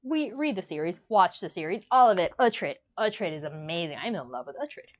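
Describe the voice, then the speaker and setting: A woman's voice: fairly low pitch, big pitch swings, normal speed. A woman reviewing a book in a casual vlog, gushing and rambling with emotion. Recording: dull lo-fi sound.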